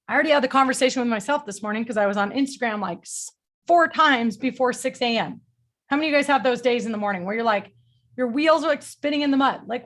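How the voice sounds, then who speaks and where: A middle-aged woman leading a group coaching call, energetic and blunt, motivational, with casual swearing. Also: sits high, fast. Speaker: sales coach.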